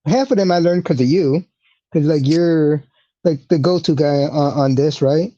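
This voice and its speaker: Podcast co-host, mellow tone, hesitant chatty delivery, muffled lo-fi recording. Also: medium pitch, moderate pace. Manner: hesitant, filler-laden agreement. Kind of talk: casual chat.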